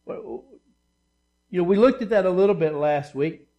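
High-voiced man preaching a sermon. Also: expressive, normal speed, warm tone, muffled recording. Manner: emphatic, repetitive preaching with asides. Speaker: pastor.

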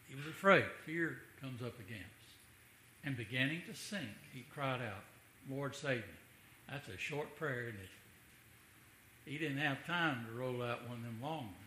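Preacher with a bright, ringing voice. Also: male voice, mid-range voice, expressive, a little slow, reverberant, slight background noise, low-quality recording. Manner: conversational preaching, rhetorical asides. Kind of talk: sermon.

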